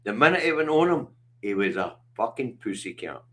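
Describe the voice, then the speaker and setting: A man's voice: mid-range voice, big pitch swings, fairly quick, fairly bright tone. A middle-aged Scottish man hosting a livestream, talking bluntly and passionately with lots of swearing. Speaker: livestream host. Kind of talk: casual chat.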